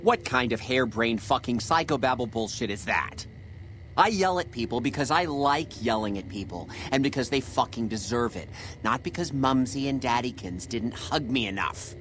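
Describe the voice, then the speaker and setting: A volatile, foul-mouthed chef , voiced by a man, bellows profane tirades at his kitchen staff. The voice sits in an ordinary middle male pitch, with a faint hiss under the game audio. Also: expressive, moderate pace, a bit bright, natural voice. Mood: raging.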